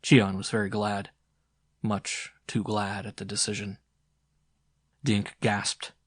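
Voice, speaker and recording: A man narrating an audiobook in an expressive, dramatic storytelling style. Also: fairly low pitch, slow pace, husky, no room sound, studio quality. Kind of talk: scripted narration.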